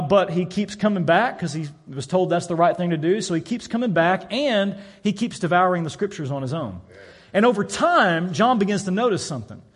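A man preaching a sermon in a church, telling a story and acting out the voices of its people. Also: high-pitched. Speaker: pastor.

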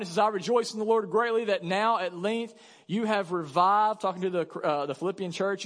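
A man preaching a sermon as pastor, animated and conversational, acting out quick voices to make his point. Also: very high-pitched. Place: large church hall. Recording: church hall reverb.

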